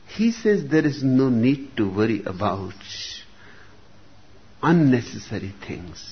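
A man giving a slow, reflective spiritual discourse, speaking deliberately with long pauses between phrases. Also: medium pitch, big pitch swings. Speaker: spiritual teacher. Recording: dull lo-fi recording with faint room noise.

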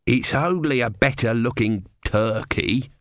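A man's voice: mid-range voice, measured pace, no room sound, clean studio sound, close to an everyday voice. A man voicing a resigned, grumbling old male tortoise god who mutters sardonic remarks in a dull voice. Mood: scornful.

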